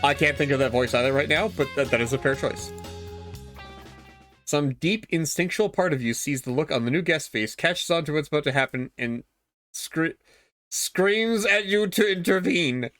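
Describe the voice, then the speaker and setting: A man's voice: a little high, moderate pace, a bit bright, soft background music. A man streaming himself reading a visual novel aloud, chatty, swearing casually and reacting to the story.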